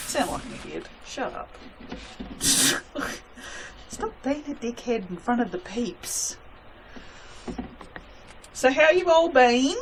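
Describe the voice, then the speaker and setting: A woman's voice: medium pitch, background noise. A woman chatting casually to her viewers while making soap, self-mocking and talking to herself as she works. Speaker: soap maker.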